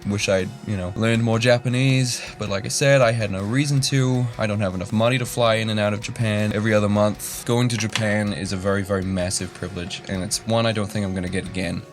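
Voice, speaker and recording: A man's voice: on the low side, fairly even intonation, quick pace, few pauses, soft background music. Rambling young man telling a story. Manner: rambling, self-deprecating, many fillers and restarts. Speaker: YouTuber. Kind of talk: casual storytelling.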